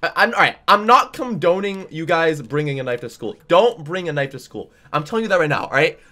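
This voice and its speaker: A man's voice: a little high, very animated, brisk, sharp tone. A young man, a game streamer, rambling through stories in casual chat while he plays, full of "like" and "dude".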